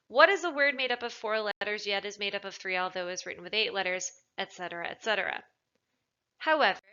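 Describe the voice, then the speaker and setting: Woman tutor, bright clear explainer, lesson narration on a dull lo-fi recording. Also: medium pitch. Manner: clear, explanatory, leans on stressed words. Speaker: writing tutor.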